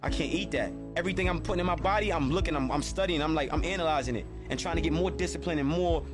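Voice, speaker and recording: A man with a high-pitched voice delivers a blunt, profane motivational monologue. He drives his points home by repeating phrases, with clear music playing behind him. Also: quick pace.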